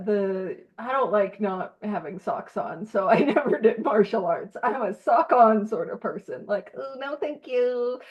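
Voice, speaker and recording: A woman's voice: mid-range voice, lo-fi sound. A woman leading a book study group, reading passages aloud and explaining them in a chatty, self-deprecating way, laughing often. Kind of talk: casual teaching and reading aloud.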